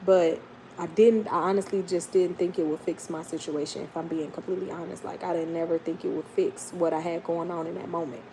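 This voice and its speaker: Gravelly-voiced woman chatting on a livestream. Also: on the low side, fairly even intonation, fairly quick, background noise. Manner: chatty, heartfelt, addresses viewers as y'all. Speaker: livestream host. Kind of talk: casual livestream chat.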